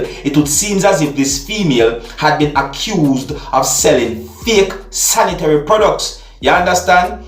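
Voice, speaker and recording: A man's voice: a little high, roomy sound. A man hosting a vlog, commenting to his viewers and keeping on checking in with them. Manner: repetitive, keeps checking in with the audience. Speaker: vlog host commenting on a video.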